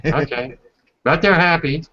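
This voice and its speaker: A man's voice: on the high side, unhurried. A man hosting a casual video call, reading aloud from a report and adding asides. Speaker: host. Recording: dull lo-fi video call audio.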